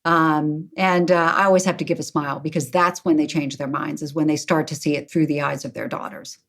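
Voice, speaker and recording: A woman's voice: low voice, steady tone, brisk, vocal fry, a bit bright. A middle-aged woman guest talking in an emphatic, storytelling way in an interview. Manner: emphatic, storytelling with acted quotes. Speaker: guest, company CEO. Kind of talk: interview conversation.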